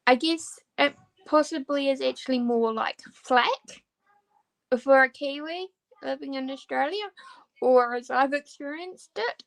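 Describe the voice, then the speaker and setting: A woman's voice: high-pitched, gravelly. A woman chatting casually with viewers while crafting, hesitant and full of ums as she answers them. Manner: hesitant, many ums and restarts. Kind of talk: casual chat while diamond painting.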